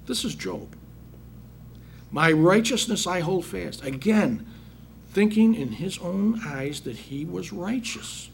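Taking it slowly, a man with a high, gravelly voice and lively intonation preaches to his brethren. He reads verses from the Bible and then rephrases them plainly, with slight background noise behind him.

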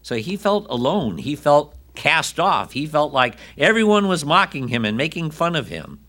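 A man's voice: on the high side, very animated, normal speed, bright, forceful tone. A man preaching a sermon, reading Bible passages and adding conversational asides to his listeners.

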